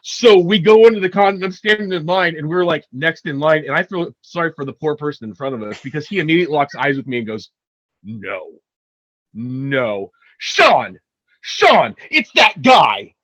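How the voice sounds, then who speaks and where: A man co-hosting a podcast, telling a long anecdote in a lively casual way, often laughing as he goes. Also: fairly high pitch, quick pace, few pauses. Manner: animated, laughing while telling stories. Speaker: podcast co-host. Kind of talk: casual storytelling chat.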